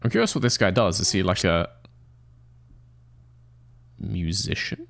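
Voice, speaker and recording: A man's voice: deep voice, wildly swooping pitch, measured pace, creaky, a bit bright, no echo. A young man chatting casually with his live-stream viewers, rambling and swearing in mock-indignant banter.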